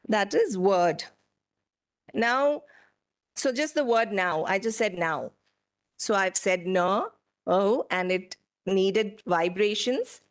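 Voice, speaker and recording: A woman giving a lecture to an audience, explaining slowly and putting questions to the room. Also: medium pitch.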